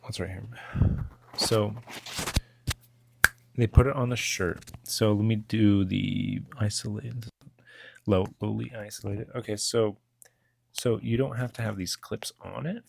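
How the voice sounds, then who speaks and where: A man's voice: lowish voice, steady tone, slow pace, creaky, pauses often, darkish tone, a little hiss or hum. A young man casually rambling through a gear test, full of fillers and restarts. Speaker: vlogger testing a lavalier mic.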